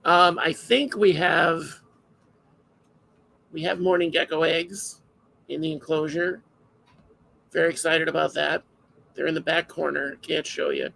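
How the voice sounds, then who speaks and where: A man's voice: fairly high pitch, flat delivery, a little slow, gravelly, long pauses, bright, forceful tone, rough recording. A man hosting a live podcast alone, chatting casually in a rambling, self-interrupting way. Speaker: podcast host.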